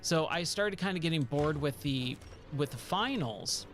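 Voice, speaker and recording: A tired, hoarse man chatting casually while live-streaming a game, rambling and repeating words. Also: on the high side, animated, a little slow, fairly bright tone, a little hiss or hum.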